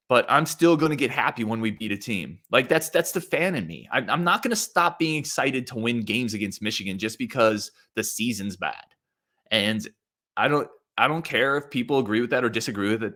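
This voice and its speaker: This mid-range, slightly bright male voice belongs to a solo sports podcast host. He speaks conversationally with firm opinions, shares listener comments, and keeps restarting sentences with lots of fillers.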